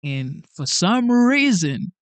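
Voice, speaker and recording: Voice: medium pitch, big pitch swings, slow pace, clear, resonant tone, dry recording. A naturalized immigrant hosting a political commentary channel, ranting emphatically in slangy speech and repeating punchlines. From immigrant, naturalized in the United States.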